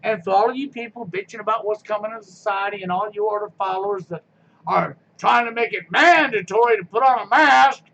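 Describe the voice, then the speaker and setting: A man's voice: very high voice, pushed and bright, dull audio. A man giving a sarcastic, mocking rant on a live stream, blunt and frustrated in tone.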